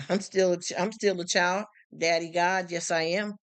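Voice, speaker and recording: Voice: medium pitch, steady tone, normal speed. A middle-aged livestream host chatting casually with viewers in a frank, emphatic way, full of repeated affirmations and rhetorical questions. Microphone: streaming setup.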